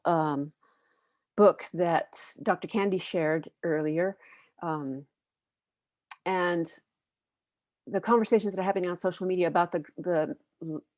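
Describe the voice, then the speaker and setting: A woman's voice: fairly low pitch, a little mellow, no echo. Earnest woman presenting children's books. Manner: reflective, earnest, pauses to find words. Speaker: panelist and educator.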